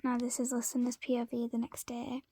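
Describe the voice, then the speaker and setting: Casual fan-story narrator: high-voiced woman, slow, faltering, whispery delivery in a dry close sound. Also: completely flat delivery, warm tone, slightly rough, no room sound. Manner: halting, often whispered, with fillers.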